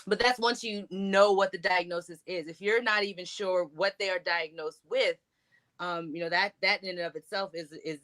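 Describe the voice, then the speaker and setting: Earnest woman with a lowish voice. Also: steady tone, normal speed, fairly bright tone. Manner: earnest, reflective, many "you know"s. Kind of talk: candid discussion.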